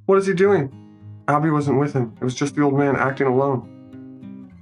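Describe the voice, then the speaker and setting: A man's voice: medium pitch, moderate pace, soft background music. Chatty man narrating a muted movie. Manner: chatty, joking commentary. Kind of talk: casual improvised movie narration.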